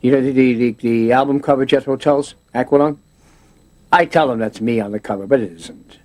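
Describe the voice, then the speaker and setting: A man's voice: mid-range voice, fairly quick, a little mellow. A man in a casual interview, telling stories in a rambling way with many restarts, often slipping into voices.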